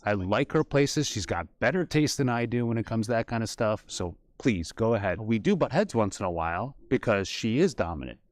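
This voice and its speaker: A man speaking as a panel guest in a relaxed, conversational way, telling personal stories. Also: on the low side, a little fast, few pauses, dry recording. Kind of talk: casual panel debate.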